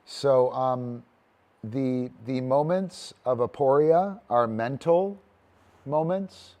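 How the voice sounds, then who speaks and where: Slow-talking man teaching dog training. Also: mid-range voice, dark tone. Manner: loose and talky, with cheering cues to a dog. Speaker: disc dog trainer teaching an online session. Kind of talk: casual livestream teaching.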